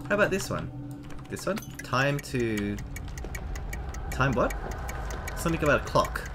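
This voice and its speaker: A man giving casual, animated commentary while playing a horror game, exclaiming and chatting to his viewers. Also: medium pitch, measured pace, pauses often, noisy background. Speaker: let's play gamer.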